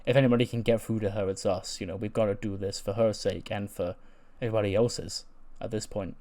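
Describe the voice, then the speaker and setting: A man's voice: on the low side, steady tone, a little fast, dark tone, natural voice. A man doing an earnest male wrestler.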